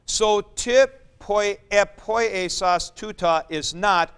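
A man teaching a Greek grammar class in a classroom, explaining slowly and calling on students by name. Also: high voice, a bit bright, clean tone. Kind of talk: classroom lecture.

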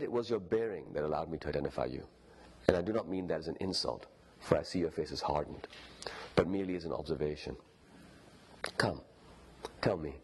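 A man's voice: deep voice, a little mellow, breathy edge, full character voice. A man with a Pakistani English accent reading a novel aloud as a courteous, formal young Pakistani man who speaks in old-fashioned phrasing.

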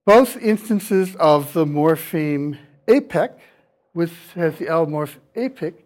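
A man's voice: fairly high pitch, expressive, takes it slowly, a little mellow. A man giving a classroom lecture, explaining step by step, voicing sample vowel sounds to show them and taking questions from students. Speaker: university lecturer.

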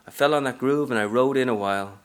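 A man's voice: medium pitch, fast talker, natural voice. A man reading aloud from a novel, narrating as a brash, streetwise aging woman hustler in a sassy first-person style.

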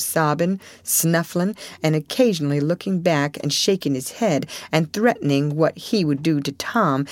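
Expressive woman narrator, lowish pitch, dry close sound, audiobook reading. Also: no room sound. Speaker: audiobook reader. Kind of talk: scripted storybook narration.

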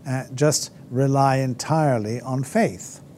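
A man's voice: medium pitch, unhurried, darkish tone, a little hiss or hum. A man lecturing on theology off the cuff, with frequent fillers and restarts, posing rhetorical questions and mimicking critics. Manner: hesitant, many fillers and restarts. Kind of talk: unscripted classroom lecture.

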